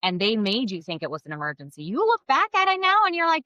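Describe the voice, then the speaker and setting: A woman giving blunt, expressive co-parenting advice straight to her viewers, swearing freely. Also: a little high, quick pace, no echo, highs cut off. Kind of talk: casual advice to camera.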